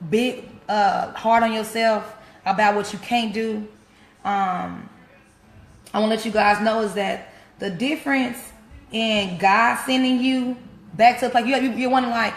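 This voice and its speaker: A woman with a fairly high voice preaches in a loose, everyday way and circles back to her key phrases again and again. Her words ring in an echoey room. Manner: repeats key phrases, plain casual speech. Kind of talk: informal sermon to camera.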